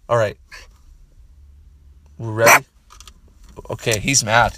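A man doing profane, boastful mock trash talk to the camera, rambling with restarts and turning excitable when he talks to his dog. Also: medium pitch, a little slow, long pauses, very noisy.

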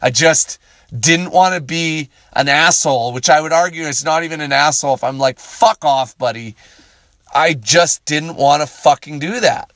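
A man's voice: fairly high pitch, moderate pace, fairly bright tone, no room sound. A young adult man from Canada rambling profanely and self-deprecatingly in a casual solo monologue.

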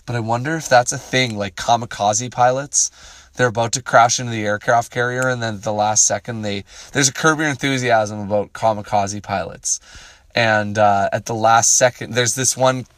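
A man's voice: mid-range voice, fairly even intonation, normal speed, a bit bright, no room sound. A young adult man from Canada rambling profanely and self-deprecatingly in a casual solo monologue.

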